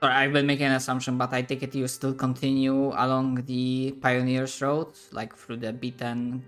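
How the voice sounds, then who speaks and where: A man narrating as game master of a tabletop game, with frequent fillers and pauses. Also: mid-range voice, monotone, fairly bright tone, clear, resonant tone, faint music behind. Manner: hesitant, filler-heavy narration.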